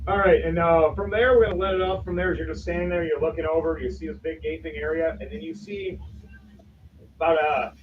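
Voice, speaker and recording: A man running a tabletop game as game master, narrating scenes in an animated way and dropping into quick character voices. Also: a little high. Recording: distant lo-fi mic with faint noise.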